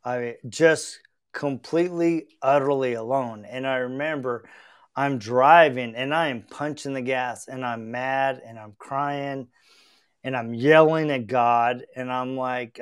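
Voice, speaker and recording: Slow, smooth-voiced middle-aged man. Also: mid-range voice. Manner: earnest and reflective, with frequent restarts. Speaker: podcast host. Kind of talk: heartfelt conversational storytelling.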